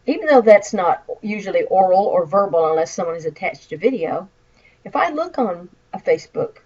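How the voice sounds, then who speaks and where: A woman's voice: mid-range voice, a little mellow. Southern lady teaching a class over slides, chatty, dull lo-fi sound. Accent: Southern American. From Midwestern United States. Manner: chatty, explains with acted example phrases. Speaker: college instructor. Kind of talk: recorded lecture over slides. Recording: dull lo-fi lecture recording.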